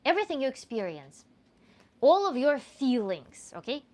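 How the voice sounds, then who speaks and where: A woman with a Russian accent answers viewer questions as a coach, her voice sitting a little high. She talks in an animated, earnest way, restarting phrases as she works out her thoughts. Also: normal speed. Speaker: tantra coach.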